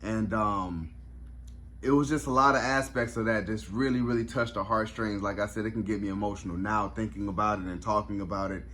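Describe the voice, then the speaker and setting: A man with a fairly low voice talks through a review in a casual vlog. He is reflective and openly moved, and he often pauses on fillers and restarts his sentences. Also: steady tone, bright, forceful tone, slight background noise. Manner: reflective, emotional, many fillers.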